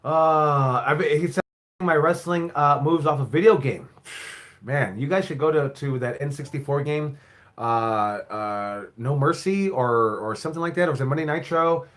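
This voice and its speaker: A man's voice: fairly high pitch, normal speed, a bit bright. A man who owns and coaches a wrestling school, answering viewer questions in a casual live stream, rambling, repeating himself and swearing now and then.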